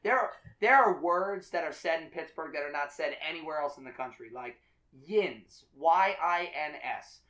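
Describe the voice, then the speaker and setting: A man's voice: a little high, expressive, normal speed, sharp tone, rough recording. A man hosting a casual drinking podcast, rambling, repeating his words and laughing often. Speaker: podcast host. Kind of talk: casual chat.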